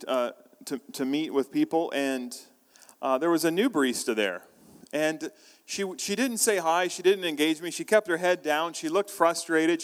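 A man preaching a sermon as pastor, telling a story in a conversational way with frequent restarts. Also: a little high. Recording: long reverb of a large hall.

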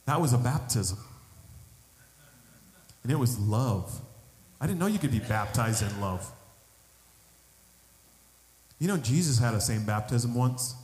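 A man preaching a sermon, telling a personal testimony in an animated storytelling way and building to emphatic appeals. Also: medium pitch, a little slow, pauses often, slight background noise. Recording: echoey hall with long reverb.

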